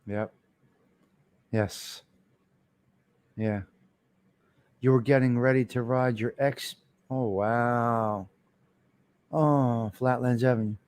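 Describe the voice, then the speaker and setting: A man's voice: medium pitch, steady tone, slow, pauses often, a little mellow, smooth, dry recording. A middle-aged man, hosting a casual live stream and telling rambling, repetitive stories, cursing freely and answering viewers by name.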